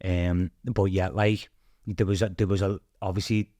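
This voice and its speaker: A man's voice: low voice, level tone, moderate pace, dark tone, no echo. A man with a Scouse accent, a podcast guest chatting casually and rambling through stories, full of "like" and "obviously". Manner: rambling storyteller, leans on "like" and "obviously". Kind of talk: casual chat.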